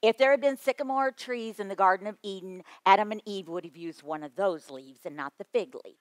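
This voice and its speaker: A middle-aged woman giving a storytelling talk to children's ministry teachers, lively, with quick asides and chuckles. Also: mid-range voice, no room sound. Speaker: children's ministry workshop speaker.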